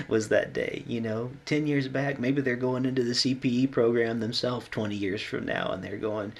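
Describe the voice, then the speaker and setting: A man who works as a hospital chaplain, talking earnestly and reflectively in a conversation, pausing often and growing emotional. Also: medium pitch, steady tone, gravelly. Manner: earnest, pausing, gets choked up.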